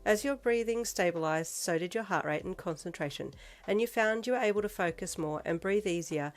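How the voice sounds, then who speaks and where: Woman, fan fiction reader, second-person narration, steady delivery, lower voice. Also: a little fast.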